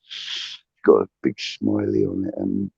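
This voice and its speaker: A man's voice: very deep voice, steady tone, measured pace, gravelly, mellow, husky, dry recording, dull audio. A man hosting a casual livestream, rambling with many restarts and swearing, reading out chat comments. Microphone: phone.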